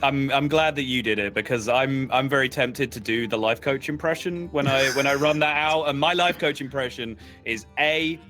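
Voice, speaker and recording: A male co-caster with a bright, forceful voice calls the card game action. He slips in dry, wry jokes between the plays. Faint music sits in the background. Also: mid-range voice, normal speed, hardly any pauses. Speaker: esports co-caster. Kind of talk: live game commentary.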